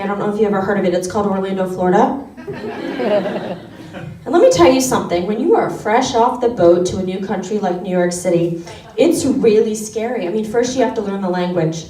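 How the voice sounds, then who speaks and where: A woman's voice: mid-range voice, brisk. A woman performing a self-mocking stand-up set on a comedy club stage, with wry asides. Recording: roomy club sound from a distance.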